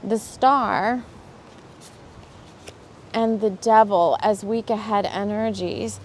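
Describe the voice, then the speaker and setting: A woman's voice: fairly high pitch, a little slow, slight background noise. A woman hosting a casual spiritual talk and tarot reading, rambling and chatty with frequent laughs and fillers. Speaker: spiritual host and tarot reader.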